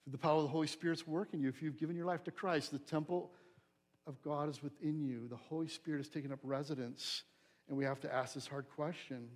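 A pastor preaching a fervent sermon, building to emphatic, searching questions to his listeners. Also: fairly high pitch.

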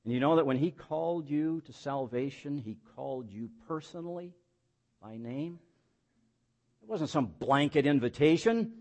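A man's voice: on the high side, lively intonation, moderate pace, darkish tone. A man preaching a sermon as pastor, building emphatic points with rhetorical questions and folksy, self-deprecating asides.

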